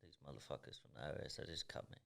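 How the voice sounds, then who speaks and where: A man's voice: extremely low pitch, very fast, gravelly, a bit bright. An Australian man in his thirties, a professional boxer and podcast guest, telling stories in a blunt, intense and heavily profane way. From Tasmania, Australia. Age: 30s. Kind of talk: casual podcast storytelling.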